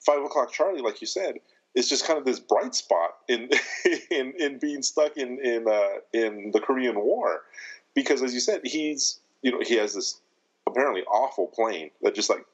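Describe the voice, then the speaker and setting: A man in his fifties co-hosting a podcast, talking in a thoughtful, halting way with many restarts. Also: medium pitch, lively intonation, dull audio. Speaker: podcast co-host. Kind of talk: casual chat.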